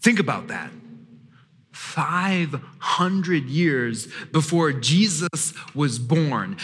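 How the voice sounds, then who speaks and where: A man preaching a sermon as pastor, telling the story in an animated way and acting out the voices of the people in it. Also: on the high side, slightly rough, in a large hall. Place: church sanctuary.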